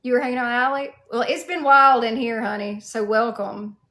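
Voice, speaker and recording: A woman with a Southern American accent, speaking in a fairly high voice. She chats on a livestream in a playful, sassy way. She greets viewers by name and banters with the chat. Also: fairly even intonation, a little fast, a bit bright. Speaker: livestreamer in cosplay. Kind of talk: casual livestream chat reading viewer comments.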